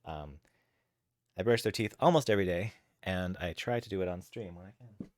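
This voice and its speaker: A man with a low, deep voice chats casually with his live audience at home, telling stories in an easygoing, chatty way. The sound is close and dry with no room echo. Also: normal speed. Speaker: live streamer. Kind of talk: casual chat with viewers. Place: at home with his cats, late at night.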